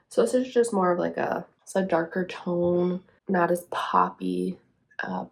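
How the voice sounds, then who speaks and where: A young woman vlogger chatting casually through her makeup routine, relaxed and chatty with lots of fillers. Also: fairly low pitch, creaky. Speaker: vlogger and teacher. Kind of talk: casual get-ready-with-me talk.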